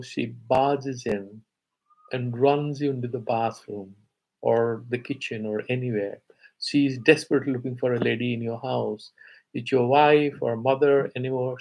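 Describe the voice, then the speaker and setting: A man teaching a live scripture class in Indian English, explaining calmly and chanting Sanskrit verses with raised emphasis. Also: mid-range voice, slightly rough, low-quality recording.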